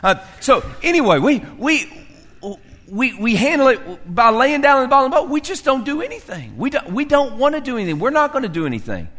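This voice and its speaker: A man preaching a sermon as pastor, acting out characters and swinging from loud to hushed. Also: very high-pitched, sing-song, fairly quick, long reverb tail.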